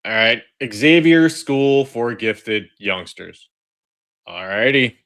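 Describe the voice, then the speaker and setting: A man with a bright, forceful tone drawls through casual trailer reaction commentary at an unhurried pace. He talks straight to his viewers in a chatty way, often restarting and repeating his phrases. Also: medium pitch, animated. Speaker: online video host.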